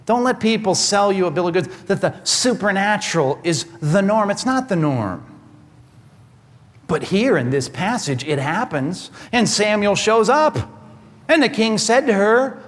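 A male pastor preaching a sermon in an animated, wry way, swinging between loud and hushed. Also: high voice, unhurried. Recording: echoey hall.

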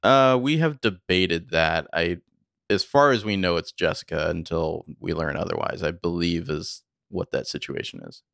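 A man with a very low, gravelly voice recaps a TV episode for a podcast. He narrates the scenes casually, full of fillers. The sound is dry and close. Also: moderate pace, dry recording. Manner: conversational, filler-heavy, animated storytelling. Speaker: podcast co-host.

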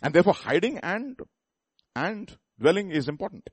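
A man delivering a sermon in a fairly high voice, talking to the congregation as if chatting with them. He keeps asking them questions and often restarts and repeats his words. The sound is dry and close, with little room echo. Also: sing-song, normal speed, slightly rough. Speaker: preacher.

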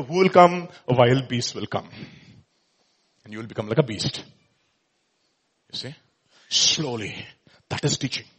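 Husky-voiced preacher. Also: male voice, on the high side. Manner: emphatic, rhetorical questions, acts out quoted speech. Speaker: pastor. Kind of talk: sermon.

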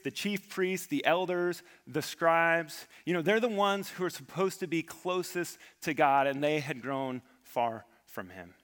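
Pastor type, man with a fairly high voice, earnest sermon delivery, long hall reverb. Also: a bit bright. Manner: earnest, repeats words for emphasis.

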